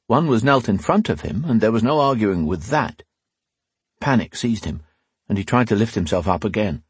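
A man narrating a fantasy audiobook in a dramatic, expressive storytelling manner. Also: fairly low pitch, breathy edge, dry recording.

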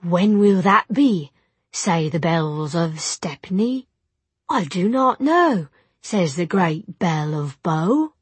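A woman voicing a short, twisted male creature with cloven hooves who slowly chants a nursery rhyme over and over. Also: lowish voice, animated, slightly rough, no room sound, exaggerated voice. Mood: chanting. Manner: slow sing-song chanting. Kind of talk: audiobook reading.

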